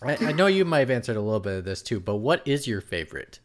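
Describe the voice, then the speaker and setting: A male podcast host runs the chat with a teasing, playfully bossy edge, ribbing his guests between questions. His pitch sits in the middle range. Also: big pitch swings, quick pace. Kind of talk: casual chat.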